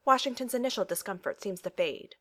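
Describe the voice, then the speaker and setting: A woman's voice: medium pitch, a little fast, a bit bright. A woman reading a story aloud, telling it expressively and giving quoted characters their own voices. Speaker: narrator. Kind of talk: reading fan fiction aloud.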